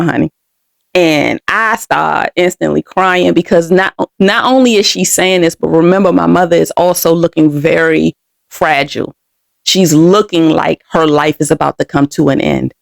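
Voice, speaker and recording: A woman's voice: fairly low pitch, vocal fry, dry recording, studio quality. A young adult woman hosting a podcast, telling a personal story candidly and with feeling, speaking straight to her listeners. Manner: candid, emotional, addresses listeners directly. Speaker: podcast host.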